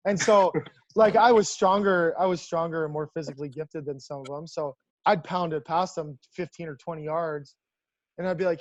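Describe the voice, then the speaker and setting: A man, a professional baseball coach, telling stories in a casual, animated way over a video call. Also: fairly high pitch, normal speed, no echo, lo-fi sound. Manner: animated, lots of restarts and laughs. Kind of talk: casual storytelling.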